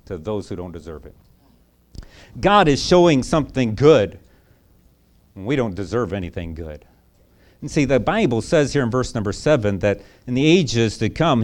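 A man delivering a sermon in an easy, folksy storytelling voice, circling back on his words as he goes. He then leans into emphatic, earnest preaching. His pitch sits in an ordinary middle range.

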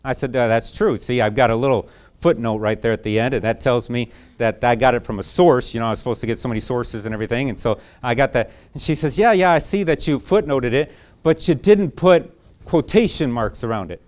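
A man's voice: medium pitch, brisk, a little mellow. A man preaching a sermon, telling a folksy personal story in a repetitive, conversational way before turning to emphatic preaching.

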